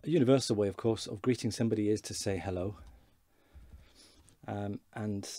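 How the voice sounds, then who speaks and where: A man giving an informal beginner language lesson, slowly modelling words for learners to repeat. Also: fairly low pitch, warm tone, no echo. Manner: slow, careful pronunciation drills. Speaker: Welsh language teacher.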